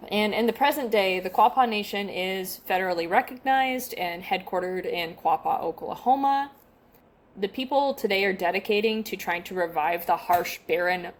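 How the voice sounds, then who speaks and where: A woman's voice: on the low side, slight background noise. A young adult woman co-hosting a podcast, chatting casually and reading from her notes, self-deprecating and stumbling over names. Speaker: podcast co-host.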